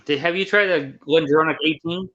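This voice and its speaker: A man's voice: a little high, a little fast, sharp tone. Chatty man over dull lo-fi audio. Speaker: guest on a live stream. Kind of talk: casual chat.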